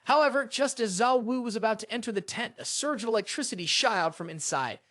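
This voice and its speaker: A narrator reading a scripted story recap in a brisk, expressive way. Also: medium pitch, dry recording, studio quality.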